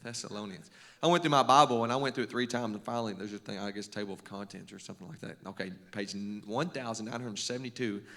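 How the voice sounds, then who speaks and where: Low-voiced man, folksy coach. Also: fairly even intonation, quick pace, gravelly, few pauses. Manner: conversational, lots of restarts and stammers; folksy, self-deprecating humor. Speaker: basketball coach and teacher. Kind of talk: devotional talk to a men's group.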